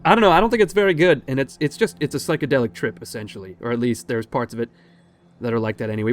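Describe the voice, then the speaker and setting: A man's voice: medium pitch, quick pace. A man hosting a strategy game let's play, talking casually, digressing and swearing now and then. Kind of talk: casual gameplay commentary.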